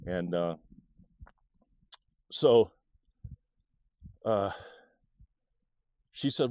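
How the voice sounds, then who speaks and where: A middle-aged man tells a personal story from his childhood, his pitch sweeping up and down in a lively, animated way. He remembers haltingly and often restarts phrases, and the recording is dry and close with no room sound.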